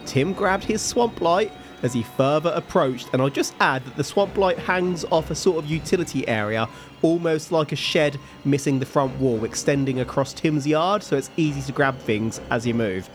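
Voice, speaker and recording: A man hosting a podcast, slowly telling a story between jokes and frequent laughter. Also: fairly high pitch, lively intonation, faint music behind. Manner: slow, laughing, jokey storyteller. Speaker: podcast host.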